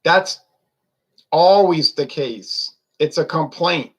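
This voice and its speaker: A man's voice: a little high, takes it slowly, a bit bright. A man ranting in a casual monologue, opinionated and rambling, full of rhetorical questions. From United States. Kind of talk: casual rant to camera.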